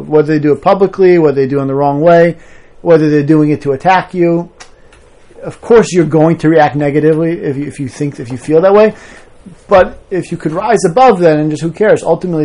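A man's voice: on the high side, creaky, warm tone. A man teaching a conversational Torah class to a small group of students, explaining patiently and often checking in with "right?" and "you know?".

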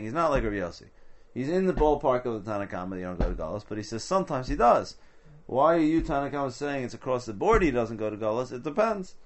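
A man teaching a Talmud study session, explaining step by step and asking rhetorical questions. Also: medium pitch. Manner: explanatory, mixes Hebrew and Aramaic terms into English.

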